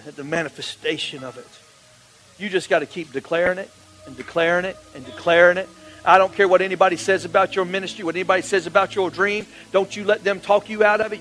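Male pastor, bright sharp tone, call-and-response sermon. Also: high-pitched, rough recording. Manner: call-and-response preaching, rising to shouts.

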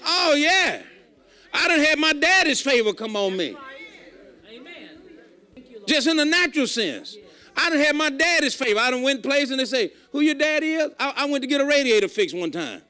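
A male pastor preaching a folksy, emphatic sermon, rising to shouts at times. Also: extremely high pitch, very animated, moderate pace, pauses often.

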